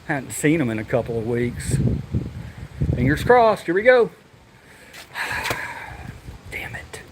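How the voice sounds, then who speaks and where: A man with a drawl talks to his viewers on a walk around a zoo. He jokes, chats and lets the odd curse slip, at an ordinary pitch, with a soft outdoor hum behind him. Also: very animated, normal speed. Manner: chatty, joking, swears and yells animal names. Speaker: vlogger. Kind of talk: casual vlog walkthrough.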